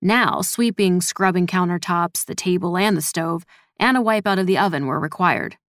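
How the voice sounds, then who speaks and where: A woman reading a story as a scripted narration in an even, measured manner. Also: fairly low pitch, no room sound, clean studio sound. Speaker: audiobook narrator.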